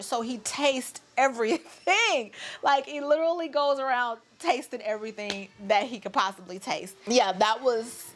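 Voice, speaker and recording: A woman's voice: a little high, a bit bright. A woman, chatting animatedly to her viewers as a mother vlogger. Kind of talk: casual storytelling to camera.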